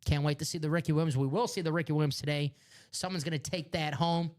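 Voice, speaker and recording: A man's voice: a little high, fairly even intonation, quick pace, darkish tone. Male live-stream host, Chicago accent, upbeat salesy banter with jokes. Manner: upbeat, joking, hyping items.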